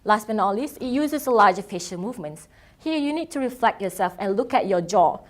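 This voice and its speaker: A woman's voice: medium pitch, lively intonation, a little fast. A young woman, a non-native English speaker, giving an earnest prepared presentation as a student keynote speaker at a festival. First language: not English. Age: young adult. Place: event stage.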